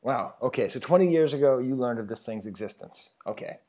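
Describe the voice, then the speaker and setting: A man hosting a casual podcast chat, eager and quick to stammer into restarts. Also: mid-range voice, animated, a little mellow. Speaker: podcast host.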